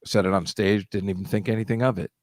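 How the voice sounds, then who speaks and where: A man's voice: on the low side, fairly even intonation, quick pace, no room sound. Blunt, dry-voiced man in casual chat. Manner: blunt, opinionated, laughs along. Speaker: podcast co-host.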